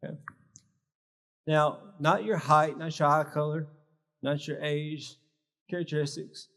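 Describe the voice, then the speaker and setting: A man's voice: fairly high pitch, little pitch movement, a little slow, fairly bright tone. A man giving a live workshop talk at a health symposium, teaching with short, emphatic phrases. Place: large church hall. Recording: long reverb of a large hall.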